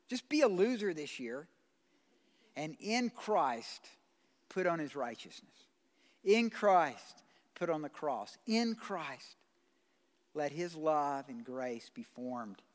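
A man preaching a sermon as pastor, blunt and conversational, swinging from loud pleading to quiet. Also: fairly high pitch. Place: church sanctuary. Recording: long hall reverb.

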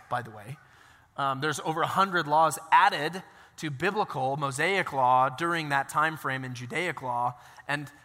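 A man preaching a sermon as pastor, telling the story in a conversational, animated way with casual asides. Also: fairly high pitch, long reverb tail.

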